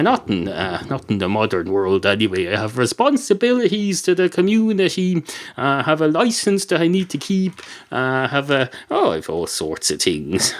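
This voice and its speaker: A self-important barman with a lively, swooping voice, as a man puts him on. He rambles pompously, tripping over his own words while refusing service. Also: mid-range voice, close to an everyday voice.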